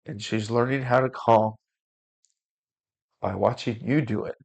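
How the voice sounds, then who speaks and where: A man voicing a wise ancient male sage who sips tea, speaking slowly, softly and in a measured way, in a spoken story. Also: medium pitch, fairly even intonation, gravelly, husky. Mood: calm, measured.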